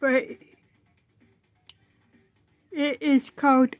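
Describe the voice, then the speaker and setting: A woman's voice: high-pitched, takes it slowly, no room sound, soft background music. A woman telling a funny story in a casual way, giggling and laughing often.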